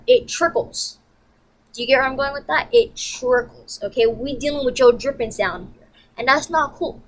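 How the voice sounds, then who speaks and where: A woman vlogger telling a story in a profane, animated, emphatic rant. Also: sits high, rough recording.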